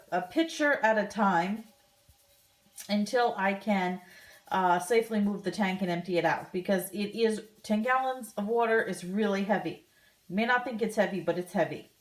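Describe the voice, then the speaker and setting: A woman telling a story in a casual home vlog, chatty and animated, with plenty of fillers and restarts. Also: medium pitch. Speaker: vlogger. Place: at home by a kitchen counter.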